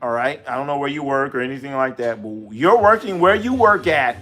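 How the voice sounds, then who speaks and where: A man's voice: medium pitch, lively intonation, fairly quick, a bit bright, soft background music. A man hosting a casual sports livestream, joking with viewers and firing off rhetorical questions.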